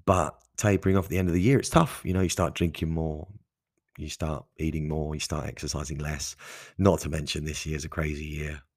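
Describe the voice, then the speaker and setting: In a dry, clean studio recording, a podcast host with a low, husky, gravelly voice talks fairly quickly in a steady tone. It's a casual solo monologue, candid and conversational, with frequent restarts and asides.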